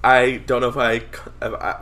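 A man's voice: mid-range voice, little pitch movement, fairly quick, a bit bright, a little hiss or hum. A man guesting on a podcast in casual chat, laughing often and retelling scenes animatedly, calling in over a video call while on the road.

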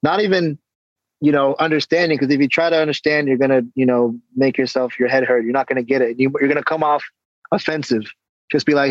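A man guest on an interview, casually telling stories and acting out exchanges with lively energy. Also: medium pitch, fast, dry recording, highs cut off. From San Diego, California. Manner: animated storytelling, acts out exchanges. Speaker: guest, hip-hop artist and coach.

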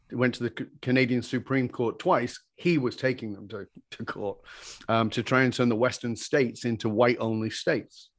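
A man being interviewed about his work teaching communication skills, telling stories in an animated, emphatic way that climbs to excited peaks. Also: medium pitch, no echo, clean studio sound. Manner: energetic, emphatic, rising to excited peaks when retelling exchanges. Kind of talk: animated personal storytelling in conversation.

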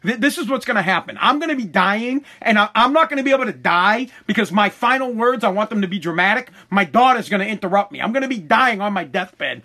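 Excitable, profane male podcast host. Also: sits high, quick pace, hardly any pauses. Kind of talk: comedic solo podcast rant.

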